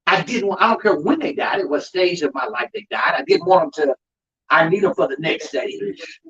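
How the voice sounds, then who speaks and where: High, animated undertaker preaching on grief. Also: male voice, normal speed, breathy edge, dull audio. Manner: emphatic, calls out to the audience with "y'all". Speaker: undertaker and show host. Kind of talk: preaching-style talk on grief.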